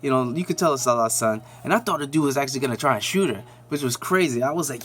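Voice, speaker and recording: A man's voice: medium pitch, animated, quick pace, hardly any pauses, fairly bright tone. A man hosting a nerd news channel, giving a casual, slangy, rambling recap of a TV episode with lots of fillers.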